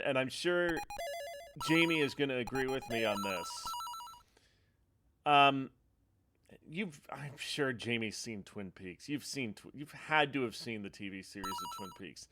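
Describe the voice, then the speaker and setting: A man's voice: mid-range voice, unhurried, fairly bright tone. A man streaming a retro game live, chatting casually in a rambling way and laughing often. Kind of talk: casual chat over gameplay. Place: home streaming setup.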